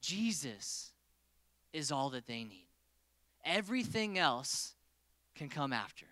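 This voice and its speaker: Lively, bright-voiced young male preacher. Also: fairly high pitch, takes it slowly, no echo. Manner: playful, joking with the crowd. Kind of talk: casual sermon.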